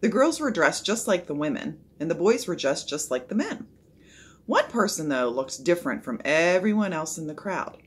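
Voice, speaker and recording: A woman reading a children's chapter book aloud, expressive and voicing the characters. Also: low voice, moderate pace, husky. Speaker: storybook reader.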